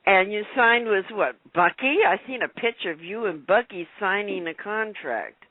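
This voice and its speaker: A woman's voice: mid-range voice, animated, moderate pace, dry recording. An older woman co-hosting a radio interview, asking chatty questions and laughing often. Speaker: co-host. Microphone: phone call. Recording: tinny phone line.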